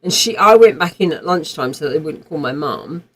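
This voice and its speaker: A woman's voice: low voice, lively intonation, a little fast, husky, low-quality recording. Woman telling a vivid story. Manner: vivid, rambling retelling with swearing and restarts. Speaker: livestream gamer. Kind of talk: casual storytelling while streaming.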